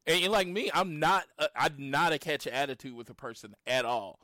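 A man in his late thirties from Oklahoma, chatting casually as a podcast co-host and retelling his encounters with lively storytelling. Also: on the high side, a little fast, no echo, studio quality. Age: 30s. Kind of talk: casual chat.

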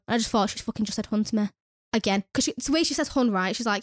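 A woman's voice: on the high side, very fast, no echo, studio quality. A young woman who works at a nursery, telling a story in casual chat with lots of swearing and exasperated ranting. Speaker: nursery worker.

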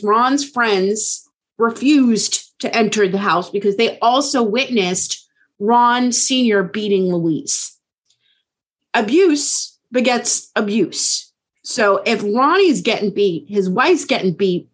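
A woman's voice: mid-range voice, breathy edge. Woman co-host, casual true crime storyteller, frequent check-ins. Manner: casual, keeps checking in with okay. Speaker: podcast co-host.

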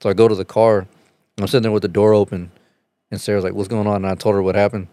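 A man chatting casually on a podcast, telling a rambling, profane story and getting animated as he retells it. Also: fairly low pitch, very fast, smooth, no room sound.

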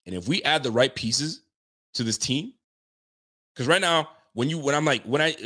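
A medium-pitched man runs a casual live-stream about football, going through viewer comments in fast, slangy speech. He curses, laughs, and gets excited as he goes.

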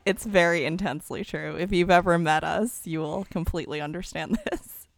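A young married woman chatting casually, bubbly and quick to laugh. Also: on the low side, gravelly, no echo, clean studio sound. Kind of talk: casual chat.

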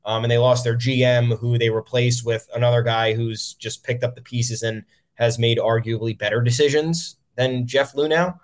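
A man's voice: mid-range voice, level tone, moderate pace. A man hosting a solo sports podcast, talking in a frustrated, profane, rambling way with many ums. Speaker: podcast host.

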